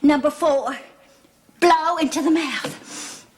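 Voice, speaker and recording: A woman's voice: high voice, slow, slight background noise. An actress playing a fretful middle-aged mother in a 1970s TV soap, fussing, scolding and pleading. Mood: flustered.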